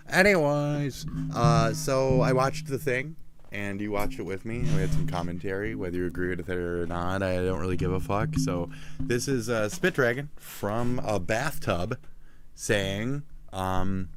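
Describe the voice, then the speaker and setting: A drowsy young man with a lowish voice rambles loosely and swears freely, sleepy and yawning as he wraps up his stream. Faint noise sits underneath him. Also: unhurried. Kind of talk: casual rambling sign-off.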